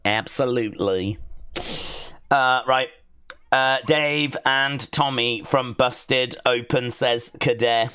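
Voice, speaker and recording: A man hosting a live watch-along stream, chatting in a rambling, excitable way and reading viewer comments aloud. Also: mid-range voice, slow pace, clean tone.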